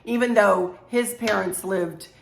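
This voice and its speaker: Slightly hoarse woman chatting, roomy echo. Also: mid-range voice, measured pace, a little hiss or hum. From Maryland, US. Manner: rambling, warm storyteller addressing viewers as y'all. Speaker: craft vlogger. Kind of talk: casual storytelling chat.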